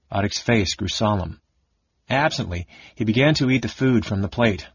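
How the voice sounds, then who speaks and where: A man reads a fantasy novel aloud in an expressive, steady way. His voice is low and husky, and the recording is dry and slightly dull, like an older lo-fi audiobook. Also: normal speed, no echo. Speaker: audiobook narrator. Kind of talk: dramatic fantasy audiobook narration.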